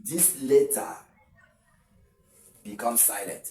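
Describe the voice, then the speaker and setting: A man's voice: mid-range voice, expressive, slow, long pauses, a little mellow, echoey room, distant mic, soft background music, low-quality recording. A man with a Nigerian accent teaching an exam lesson, explaining step by step and repeating key points. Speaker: exam tutor. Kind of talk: video lesson.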